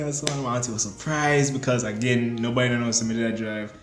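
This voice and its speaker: A man's voice: medium pitch, a little fast. Young man lilt, storytime. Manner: animated, acts out his own panicked reactions. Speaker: storyteller vlogger. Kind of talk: casual storytime vlog. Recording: echoey room with faint music.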